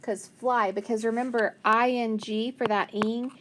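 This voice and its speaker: A woman teacher slowly leading a phonics spelling lesson, patiently sounding out letters and praising answers. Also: fairly high pitch, level tone, a bit bright, slight background noise.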